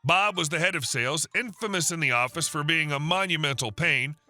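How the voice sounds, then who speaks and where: A man narrating online stories in a scripted way, with wry deadpan asides. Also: a little high, fairly quick, faint music behind.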